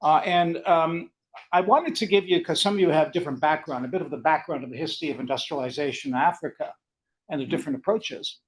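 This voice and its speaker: An older man with a Canadian accent giving an academic seminar lecture in a fast, rambling, conversational way. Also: on the high side, slight background noise, rough recording. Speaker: guest lecturer.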